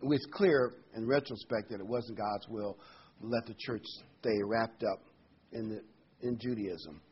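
A man's voice: lowish voice, a little slow, lo-fi sound, a little hiss or hum. A man preaching a Bible sermon in a conversational, emphatic way, his voice rising sharply on key words.

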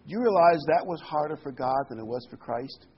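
A man's voice: a little high, animated, fairly quick, breathy edge, highs cut off. Earnest man preaching with emphatic repetition. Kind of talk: sermon.

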